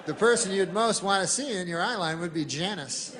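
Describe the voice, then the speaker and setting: A man doing stand-up comedy, telling a long deadpan story in a wandering way, with a crowd laughing behind him. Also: high-pitched, fairly quick, very noisy. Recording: archive clip with loud crowd laughter. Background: audience laughter.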